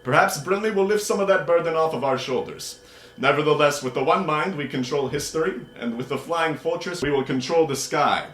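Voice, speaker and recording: A man's voice: a little high, brisk, a bit bright, voice pushed up, close to an everyday voice. A man voicing a cold, commanding half-human tigress woman who leads a party, speaking curtly. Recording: roomy echo.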